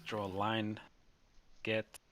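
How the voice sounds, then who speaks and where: A man's voice: lowish voice, monotone, takes it slowly, fairly bright tone. A man narrating as game master in a tabletop game, playful and teasing, with frequent restarts.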